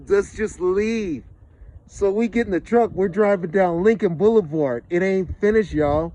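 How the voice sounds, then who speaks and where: A man from Los Angeles telling a profane personal story with animated delivery, acting out what people said. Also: sits high, a little hiss or hum, poor audio. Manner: lively, profane, acts out quotes.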